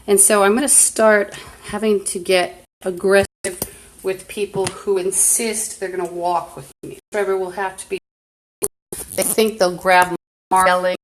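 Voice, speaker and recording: A woman talking on a phone live stream, rambling and jumping between topics, swinging from loud outbursts to muttering. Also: mid-range voice, level tone, unhurried, echoey room, far from the mic, a little hiss or hum, poor audio. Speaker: livestreamer.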